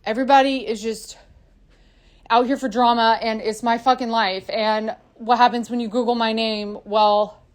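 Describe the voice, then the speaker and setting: A woman musician telling her own story in a confessional monologue, swearing freely and swinging between loud angry bursts and quieter stretches. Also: a little high, flat delivery, moderate pace.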